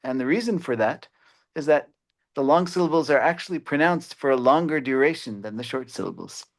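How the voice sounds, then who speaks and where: Man lecturing, halting with many fillers. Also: medium pitch, lively intonation. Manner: explanatory, with frequent "uh" fillers. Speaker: mathematics educator. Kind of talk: webinar lecture.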